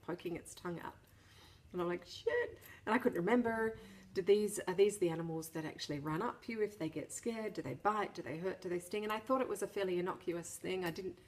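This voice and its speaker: A woman's voice: on the low side, a little mellow. A middle-aged woman chatting casually to camera, telling a personal story with a self-deprecating, laughing manner and frequent restarts. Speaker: vlogger.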